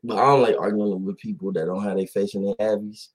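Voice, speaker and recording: This podcast host talks fast in a steady, slightly rough, lower-pitched voice. He's chatting casually about basketball, animatedly rambling with plenty of fillers and acted-out quotes.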